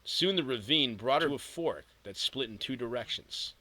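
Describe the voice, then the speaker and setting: A man narrating an audiobook in a steady storytelling read with vivid emphasis. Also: mid-range voice, normal speed, no echo, rough recording.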